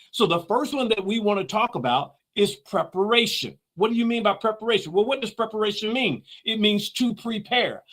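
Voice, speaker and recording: A man's voice: high-pitched, fairly bright tone. A man hosting a motivational talk, speaking emphatically, repeating key phrases and answering his own questions. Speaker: host.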